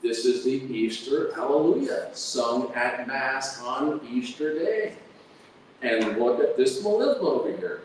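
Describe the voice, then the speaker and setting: In a lecture hall, a man gives an academic talk on music, breaking into sung and hummed "da-da" melodies to demonstrate his points. His medium-pitched voice is animated and slow-paced, recorded from far off in an echoey hall with slight background noise.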